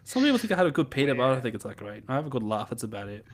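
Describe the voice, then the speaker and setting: A man co-hosting a podcast in easy, casual chat. His pitch is lively and rises and falls a lot. He is jokey and keeps dropping cartoon quotes. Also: racing. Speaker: podcast co-host.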